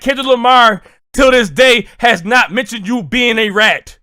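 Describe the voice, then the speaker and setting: A man hosting a music reaction, talking loudly and excitably, swearing and breaking into shouts. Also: very high-pitched, a little slow, clear, resonant tone.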